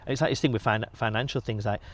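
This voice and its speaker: Fast-talking bodybuilder telling stories. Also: male voice, fairly low pitch. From England. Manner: swears freely, animated storytelling. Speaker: podcast guest, bodybuilder. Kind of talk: casual storytelling.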